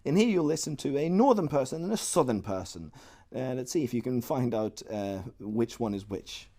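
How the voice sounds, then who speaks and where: A Chinese language teacher leads an online lesson in an animated, warm, medium-pitched voice, with a little hiss or hum on the audio. He explains slowly but keeps things light with playful, joking asides.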